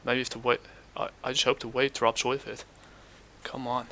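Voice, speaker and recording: Gravelly, bright-toned scornful man. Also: mid-range voice, flat delivery, a little hiss or hum. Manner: scornful, halting with many fillers. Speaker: commentary channel host. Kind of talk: reaction commentary.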